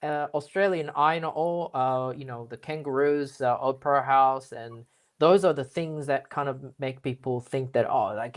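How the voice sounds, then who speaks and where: A man speaking as a guest in a casual business interview, explaining things at length with lots of fillers and restarts. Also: medium pitch. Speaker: guest expert.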